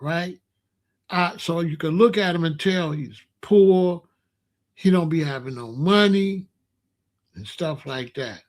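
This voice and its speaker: A man telling a casual personal story in a loose, streetwise way, sometimes dropping into low murmurs. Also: takes it slowly, long pauses. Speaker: storyteller host.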